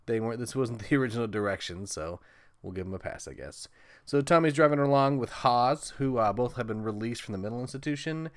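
A man's voice: mid-range voice, expressive, fairly quick, no echo, clean studio sound. A man giving a casual, sarcastic movie recap with plenty of swearing. He laughs often and acts out the characters' lines. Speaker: movie reviewer.

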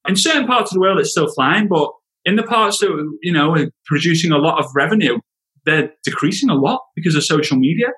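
A man's voice: on the high side, expressive, a little fast, a bit bright, poor audio. A man as a podcast guest, speaking in an earnest, heartfelt, emphatic way. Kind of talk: casual interview chat.

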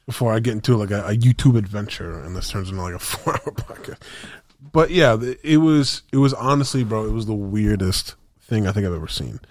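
Rambling slangy man, low and dry. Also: expressive, a little fast, no echo. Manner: rambling, slangy, many fillers and restarts. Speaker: podcast co-host. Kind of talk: casual chat.

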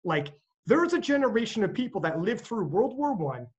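A man with a New Jersey accent hosting a podcast, talking in an animated, profane way and acting out quotes. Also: high voice, a little fast, lo-fi sound. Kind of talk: casual chat.

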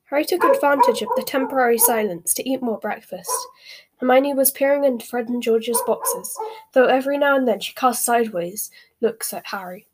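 A woman narrating a storybook in a steady, measured way. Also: fairly high pitch, noisy background. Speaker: audiobook narrator. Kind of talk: scripted narration.

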